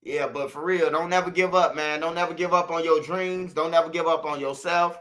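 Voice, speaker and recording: A man's voice: fairly high pitch, fairly even intonation, brisk, a bit bright. A man from Chicago with a Chicago accent, hosting his channel, talking straight to viewers in a slangy, repetitive, preachy monologue. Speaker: channel host.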